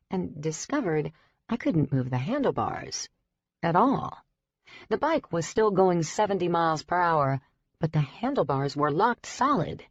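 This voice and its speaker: A woman reading a first-person audiobook in a steady, even storytelling delivery. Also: sits low, no echo. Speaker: audiobook narrator. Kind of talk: scripted first-person narration. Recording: dry, slightly dull recording.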